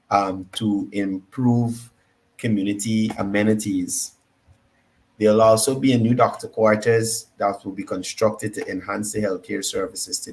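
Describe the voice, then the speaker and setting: A man's voice: lowish voice, slightly rough. A man with a Guyanese accent hosting a political talk show, combative and repeating his points for emphasis. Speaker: political commentary host.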